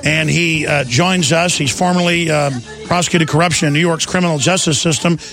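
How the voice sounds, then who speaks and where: Man, talk radio host, gravelly voice, slightly high pitch, fast combative rant, dry close studio sound. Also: steady tone, music in the background. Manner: fast, combative, ranting with mocking impressions. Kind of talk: heated political talk radio monologue.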